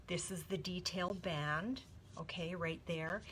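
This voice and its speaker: A woman from Canada talks slowly through a live paper-craft demo in her home studio, her voice a touch low. She sounds emotional and close to tears, greeting her viewers by name between steps, with a faint background hum. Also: fairly even intonation, a bit bright. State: emotional, teary. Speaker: stamping demonstrator hosting a live stream.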